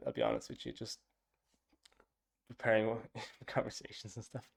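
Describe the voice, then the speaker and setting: A man's voice: on the low side, sing-song, normal speed, gravelly, husky. A man, casually talking through his app's design and thinking aloud with lots of fillers. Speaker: app developer. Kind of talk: casual dev log talk.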